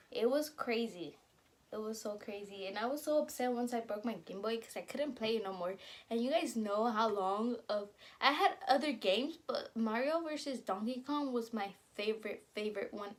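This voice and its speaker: A young woman casually telling stories to camera while eating, chatty and laughing along as she talks. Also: fairly high pitch. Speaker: vlogger.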